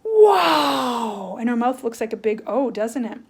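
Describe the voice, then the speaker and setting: A woman teacher giving a playful, animated lesson to young children, checking in with "right?" as she draws. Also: on the high side, a little fast, husky. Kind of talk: children's lesson, drawing along.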